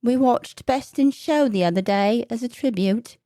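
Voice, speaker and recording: A woman's voice: on the high side, normal speed, warm tone, no echo. A woman co-hosting a casual podcast, reading a crime report while attempting a shaky British accent. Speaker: co-host, crime news segment presenter.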